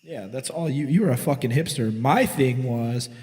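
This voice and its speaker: A man's voice: mid-range voice, moderate pace, mellow, in a large hall. A forty-year-old man telling rowdy, profane stories as co-host of a casual podcast recorded in a garage. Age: 40s. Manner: profane, boisterous, swaggering. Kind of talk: casual storytelling chat.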